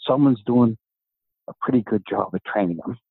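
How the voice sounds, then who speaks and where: A middle-aged New Yorker, a guest who writes books and owns a gym, tells a long story in a podcast interview and acts out the voices of the people in it. He's an animated storyteller, and his medium-pitched voice moves at a moderate pace, creaky and slightly rough. The audio has no echo but sounds tinny, like a phone.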